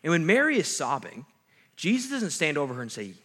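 A man's voice: fairly high pitch, very animated, fast talker, a bit bright. A young adult man, a pastor, giving a sermon in a conversational way, with jokey asides and acted-out quotes.

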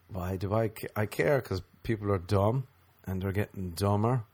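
A man ranting in a comedic monologue, sarcastic and profane, mocking people in high squeaky put-on voices. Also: takes it slowly, a little mellow, slightly rough.

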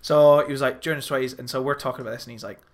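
A young man co-hosting a podcast, chatting casually, animated, swearing freely and laughing often. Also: medium pitch, racing, slight background noise. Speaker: podcast co-host. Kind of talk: casual chat.

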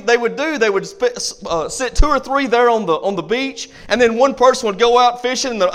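A man's voice: very high-pitched, fairly bright tone. A man pastor preaching a sermon with an emphatic, repetitive cadence and rhyming phrases, in a church sanctuary. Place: church sanctuary, also streamed online.

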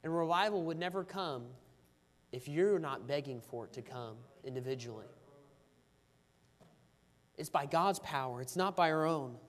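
A man's voice: fairly high pitch, lively intonation, normal speed, pauses often. Guy preaching a sermon, gets real fervent and pleading, echoey church hall sound. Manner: fervent, rising to pleading intensity in prayer.

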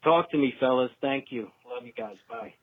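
A man with a New York accent talking through a tinny, narrow phone line. His voice comes across husky and close, with no room around it. He rambles along in a chatty, joking way, like a caller leaving a message for the show. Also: medium pitch, moderate pace, no echo.

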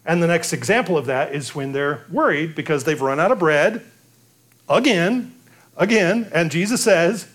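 A man's voice: a little high, moderate pace. A man preaching a sermon, acting out the quotes as he goes. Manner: animated preaching, acts out biblical quotes. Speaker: pastor.

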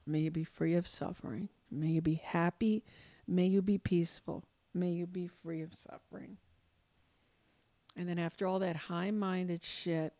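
A woman's voice: fairly low pitch, darkish tone, no room sound. An older woman on a podcast, crying as she tells a candid personal story, swearing and mocking herself. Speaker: podcast guest.

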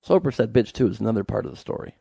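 A man's voice: lowish voice, lively intonation, vocal fry, mellow, husky, no echo, clean studio sound. Riffing man in casual podcast banter. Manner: riffing, jokey, rapid rants. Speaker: podcast co-host. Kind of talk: casual chat.

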